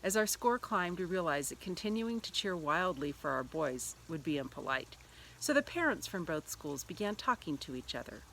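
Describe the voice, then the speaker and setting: A woman's voice: fairly low pitch, moderate pace, a little hiss or hum. A middle-aged woman giving a church devotional through a personal story, acting out the lines she quotes. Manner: lively storyteller who acts out quoted lines.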